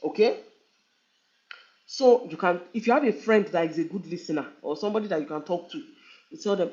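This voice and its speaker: A woman's voice: fairly low pitch, brisk, pauses often, a little mellow. A woman giving a live online talk, earnest and conversational, repeating phrases for emphasis. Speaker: relationship speaker. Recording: dull lo-fi online stream.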